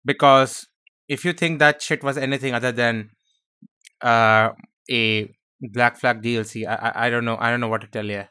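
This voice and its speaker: Bright-voiced joking male reactor. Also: mid-range voice, fairly even intonation, normal speed, clear, resonant tone, no room sound, clean studio sound. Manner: joking, sarcastic asides. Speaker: reaction video host. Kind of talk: casual commentary.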